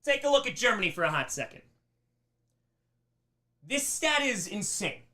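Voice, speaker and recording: A man teaching a live history lesson on a stream, emphatic and animated, slipping into mocking voices. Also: sits high, normal speed. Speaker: history teacher on a charity livestream.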